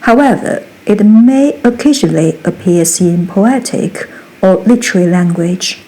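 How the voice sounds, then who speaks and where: Mellow-voiced woman teaching grammar. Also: mid-range voice, animated, rough recording. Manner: reads example sentences twice, slow and precise. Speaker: Mandarin teacher. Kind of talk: scripted grammar lesson narration.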